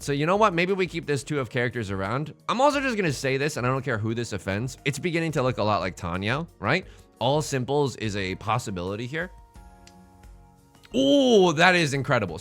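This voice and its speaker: A man's voice: mid-range voice, fairly bright tone. A man hosting a let's play, giving casual gameplay commentary full of joking, rambling asides.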